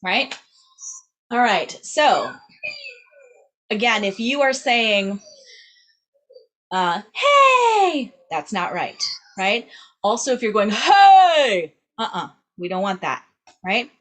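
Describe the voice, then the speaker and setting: A woman's voice: mid-range voice, slow, long pauses, fairly bright tone. A young adult woman teaching a singing lesson, upbeat and demonstrative, checking in with "right?" after nearly every phrase. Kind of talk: vocal lesson to camera.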